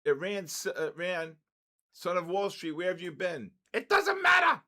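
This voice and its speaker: An older man hosts a live trading stream, offering excitable market commentary, greeting viewers, and tripping over his words. His voice sits high, and his pace is measured.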